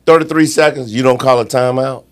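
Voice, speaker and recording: A man's voice: mid-range voice, steady tone, a little fast, smooth. Brief: male co-host, casual sports talk, emphatic and repetitive, mid-range voice. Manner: emphatic, repeats key points. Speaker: podcast co-host.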